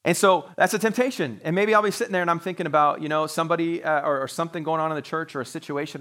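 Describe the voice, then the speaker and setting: A man's voice: on the high side, very fast, few pauses, fairly bright tone. A man preaching a sermon to his congregation as pastor, talking in a conversational way with joking asides. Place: church sanctuary, live-streamed service.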